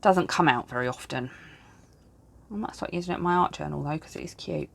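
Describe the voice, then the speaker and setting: Setting up her planner at home, a woman in her thirties talks in a rambling, chatty, self-deprecating way, tired and yawning throughout. Her low, creaky voice moves a little fast, the casual crafting chat of a planner vlogger.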